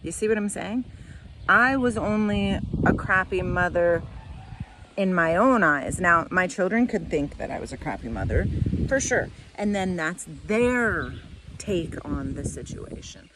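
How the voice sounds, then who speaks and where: A woman's voice: lowish voice, expressive, measured pace, background noise. A middle-aged woman telling a personal story in a candid, rambling way, tearing up at times. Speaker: vlogger.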